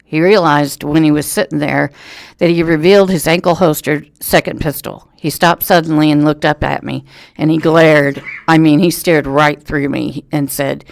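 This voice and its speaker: A man, reading a local news story aloud in a steady storytelling way for a radio reading service. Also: fairly high pitch, normal speed, creaky, no echo. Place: thrift store.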